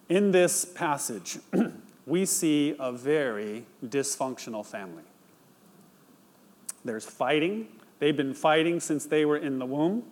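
A man's voice: fairly high pitch, lively intonation, slow, pauses often. A male pastor preaching, reading a scripture passage aloud and retelling it in plain storytelling before drawing the lesson. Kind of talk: sermon.

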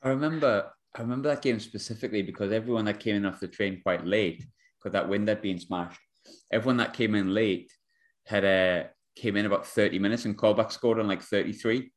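A man's voice: on the low side, a little fast. A young man, hosting a podcast and telling a funny story in casual, slangy chat. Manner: animated, laughing storyteller, slangy. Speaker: podcast host.

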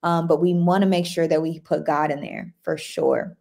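A woman's voice: low-pitched, steady tone, normal speed, dark tone. A woman hosting a casual livestream, chatty and upbeat, reading out viewer comments and greeting people by name. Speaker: livestream host. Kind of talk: casual live-stream chat.

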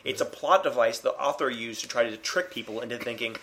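A man of ordinary pitch makes his case in a relaxed conversation. He argues in long, unbroken runs and often restarts his phrases midway. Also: brisk. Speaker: podcast co-host discussing comics. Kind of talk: casual chat.

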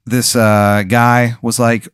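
Smooth-voiced young man spinning a crude tale. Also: mid-range voice, flat delivery, slow, no room sound, clean studio sound. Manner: casual, crude, rambling with fillers. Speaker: podcast host. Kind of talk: improvised comedic storytelling.

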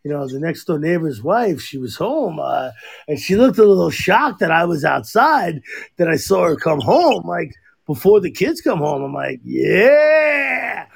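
A man's voice: on the high side, very animated, normal speed, vocal fry, breathy edge. A man co-hosting a podcast, telling crude rambling stories in casual chat, swearing constantly. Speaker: podcast co-host.

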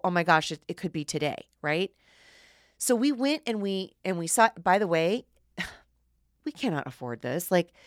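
Lower-voiced woman telling a spiritual story. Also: no echo, studio quality. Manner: animated, spiritual, emotional storytelling. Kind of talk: casual storytelling to an audience.

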